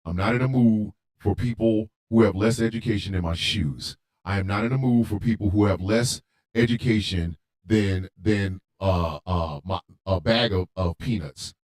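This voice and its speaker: A man hosting a radio show, delivering a heated monologue with emphatic repetition and occasional shouting. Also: fairly low pitch, normal speed. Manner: emphatic, repeats lines for force; rants, at times shouting.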